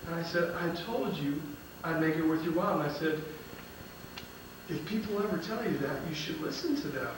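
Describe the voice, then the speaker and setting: A motivational speaker from Illinois tells comic stories to a live audience in a large auditorium, acting out dialogue and laughing at his own jokes. His voice is on the high side, expressive and brisk. The distant mic captures roomy hall sound and loud room noise.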